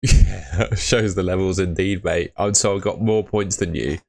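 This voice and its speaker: Deep-voiced chatty man streaming. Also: unhurried, vocal fry, a little mellow. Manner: chatty, upbeat, talks to chat viewers by name. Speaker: livestream host. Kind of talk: casual live stream chat.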